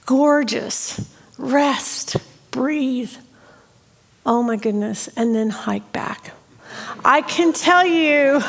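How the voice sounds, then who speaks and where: A middle-aged woman preaching a sermon, telling a personal story in an animated, self-deprecating way. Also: sits high, in a large hall. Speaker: pastor.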